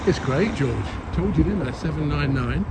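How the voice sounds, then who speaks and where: A man chatting on a live stream as he walks through a city, laughing at himself often, into a phone-mounted mic. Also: fairly high pitch. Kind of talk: casual live-stream chat while walking. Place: city streets outdoors, traffic passing. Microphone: phone-mounted mic on a gimbal. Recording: loud outdoor street noise.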